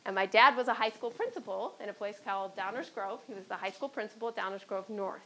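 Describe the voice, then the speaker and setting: A woman's voice: mid-range voice, fast talker, sharp tone, a little hiss or hum, poor audio. A woman from Chicago with a Chicago accent, speaking on a panel as a former court clerk and telling stories, often checking in with "right?". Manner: anecdotal, often adds "right?".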